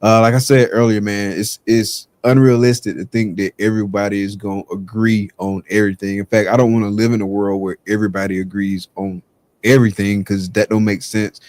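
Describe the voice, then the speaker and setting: Laid-back low-voiced podcast host. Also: male voice, little pitch movement, a little fast, a little mellow. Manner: laid-back, says "man" a lot. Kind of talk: casual podcast chat.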